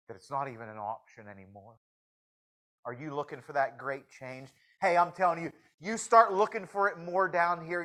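A man preaching a sermon in a folksy, joking manner, swinging from hushed confession to loud exclamations. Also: sits high, low-quality recording. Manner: shifts from hushed to shouting.

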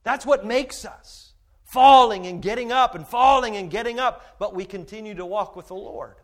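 Emphatic high-voiced male pastor preaching. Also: normal speed. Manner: emphatic, swings from shouting to hushed asides. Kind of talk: sermon.

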